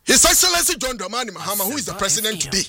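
A man's voice: high voice, very animated, racing, vocal fry, bright, forceful tone, dry recording, clean studio sound. A man with a Ghanaian accent, hosting a sports radio talk show and giving emphatic, argumentative opinions. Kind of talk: radio sports talk in mixed Twi and English.

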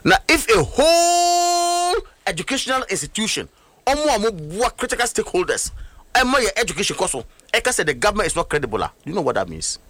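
A man's voice: high-pitched, very animated, racing, a bit bright. A man with a Ghanaian accent, speaking as a political guest on a talk show with emphatic, scornful commentary and rhetorical questions.

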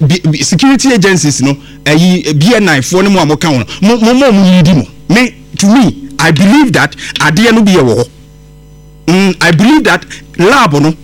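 A man with a Ghanaian accent hosting radio political commentary, emphatic and indignant, repeating words for stress. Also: high voice. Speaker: radio host.

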